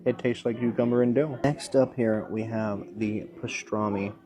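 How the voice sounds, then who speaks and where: An American man narrates a food tasting in a calm, measured way. His voice sits a little low. He describes each dish steadily as he goes. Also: over music. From United States. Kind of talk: food review vlog narration.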